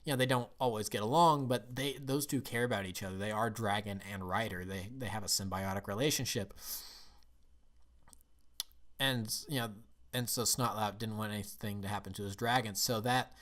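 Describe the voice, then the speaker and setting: A man's voice: lowish voice, moderate pace, fairly bright tone. Eager, rambling male reviewer. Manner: eager, rambling, restarts sentences often. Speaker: film and TV reviewer. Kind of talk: casual review chat.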